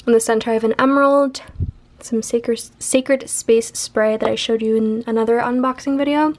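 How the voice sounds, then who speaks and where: A woman's voice: a little high, steady tone, normal speed. A young woman vlogging casually at home, chatty and playful as she shows things to the camera. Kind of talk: casual vlog chat. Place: home, indoors.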